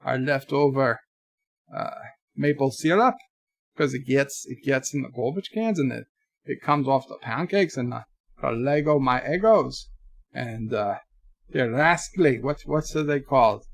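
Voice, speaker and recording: A bumbling, forgetful Quebec character, put on by a man. He stumbles and gropes for every other word. The sound is dry and close, with a middle pitch. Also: lively intonation, unhurried, vocal fry, no echo. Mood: goofy. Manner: hesitant, groping for words, jokey.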